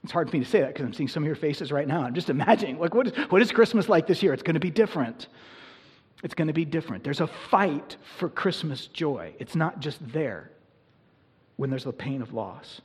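A man's voice: fairly high pitch, expressive, a little fast, husky. A man preaching a sermon to his congregation in a church, in an earnest, conversational manner that builds in intensity. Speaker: pastor. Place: church sanctuary.

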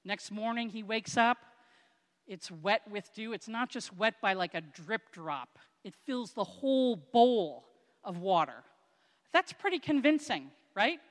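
A woman's voice: animated, unhurried, big-room sound. A woman preaching a conversational, self-deprecating sermon, acting out quoted lines with playful asides. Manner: acts out quoted speech with raised pitch.

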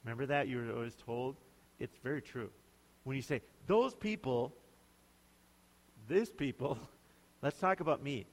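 A man's voice: medium pitch, fairly even intonation, brisk. A male pastor preaching a sermon in a conversational, emphatic way, often putting questions to his listeners. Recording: long hall reverb.

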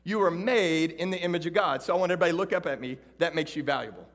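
Texan man preaching to students, fairly high voice, swings between rousing calls and quiet storytelling, long hall reverb. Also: racing. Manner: animated, shifts from loud calls to hushed storytelling. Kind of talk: sermon to students.

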